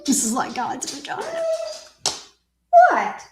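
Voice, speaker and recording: A teasing, joking woman chatting casually with her viewers and her dog. Her voice sits fairly high, and she takes her time over every phrase. The sound bounces around an echoey room. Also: wildly swooping pitch, takes it slowly, a bit bright, slight background noise. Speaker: tarot reader, channel host.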